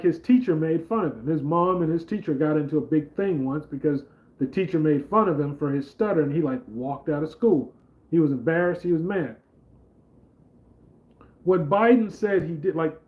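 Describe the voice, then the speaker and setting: A man's voice: on the high side, lo-fi sound. A man hosting a casual political commentary vlog, talking in a rambling, conversational way with lots of fillers. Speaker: channel host.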